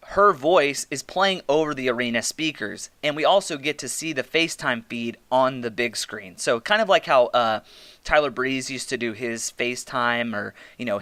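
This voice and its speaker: Man, podcast host, casual review monologue, blunt, swearing, crisp tone, dry sound. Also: medium pitch, pushed and bright, no room sound. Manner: blunt, swearing, exasperated rants.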